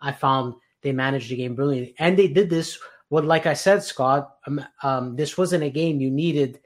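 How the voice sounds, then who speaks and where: A man hosts a casual football podcast, giving strong opinions with animated energy. He often restarts his sentences mid-thought. His voice sits in an ordinary middle range. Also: medium pitch, normal speed. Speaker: podcast host.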